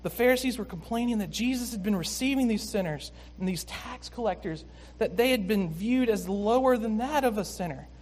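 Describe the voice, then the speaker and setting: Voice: medium pitch, lively intonation, brisk, few pauses, a little mellow. A preacher giving a sermon, explaining a scripture passage in a conversational, emphatic manner.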